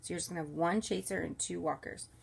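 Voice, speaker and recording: A woman's voice: lowish voice, fairly even intonation, quick pace, gravelly, slightly rough. A woman who leads children's ministry, walking volunteer small group leaders through the week's kindergarten lesson in an upbeat, instructive way. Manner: soothes a baby softly mid-lesson. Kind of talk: recorded training walkthrough for volunteers. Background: crying baby.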